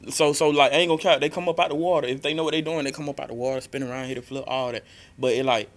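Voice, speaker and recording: A man's voice: medium pitch, fairly even intonation, rapid-fire. A man co-hosting a podcast, telling a long story in loose slang with lots of "you feel me". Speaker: podcast co-host. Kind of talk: casual podcast chat.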